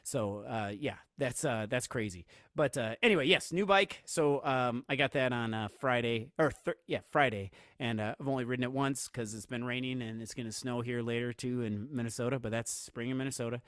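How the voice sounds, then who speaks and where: A podcast co-host chats casually, rambling with plenty of fillers and restarts and laughing easily as he tells stories. His mid-range voice is a bit bright and fairly quick with few pauses. The recording is dry and studio quality.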